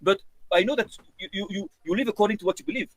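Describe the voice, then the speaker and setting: A high-voiced man talks quickly and fervently, preaching to his community with earnest repetition. The sound is dry and close, with no echo.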